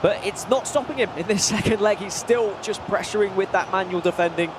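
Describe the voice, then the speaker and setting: A man's voice: sits high, brisk, background noise. A man giving analytical color commentary on an esports football match in a chatty way.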